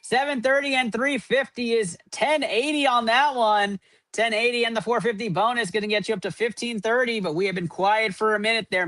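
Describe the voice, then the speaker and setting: A man's voice: high voice, a bit bright, no echo. A man hosting a live card-opening stream, rattling off running point totals and hyping up each pull. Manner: running tally of numbers, upbeat hype. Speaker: host.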